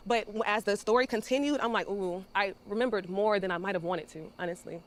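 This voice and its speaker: A woman on a reality show reunion speaks very fast and insistently, piling up details as she recounts what happened. Her pitch is in a middle range. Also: steady tone. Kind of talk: emotional reunion confrontation.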